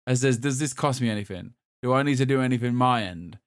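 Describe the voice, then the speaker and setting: A man from England chats on a gaming podcast. His voice sits in the middle of the range and the sound is dry and close. He tells stories in an animated way and laughs as he talks. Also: mid-range voice, quick pace, dry recording. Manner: animated storytelling, quoting others, laughing. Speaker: podcast host. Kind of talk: casual chat.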